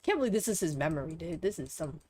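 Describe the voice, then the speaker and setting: A woman's voice: low-pitched, very animated, fast talker, a little mellow, dry recording. A young woman on a live stream who chats loosely while she plays. Her talk rambles along in an offhand, unpolished way, with casual swearing thrown in. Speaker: livestreamer.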